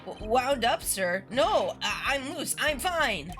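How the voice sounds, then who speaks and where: Stammering rookie lawyer, young man, high and overeager, read by a woman streamer. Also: big pitch swings, slow, a bit bright, soft background music, exaggerated voice. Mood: flustered. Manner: stammering, overeager, insisting he's fine. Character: nervous young male rookie defense lawyer.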